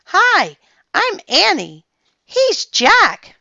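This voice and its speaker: A woman's voice: slow pace, dry recording. A woman doing an eager young girl. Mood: excited. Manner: high, excited calls. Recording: dull lo-fi sound.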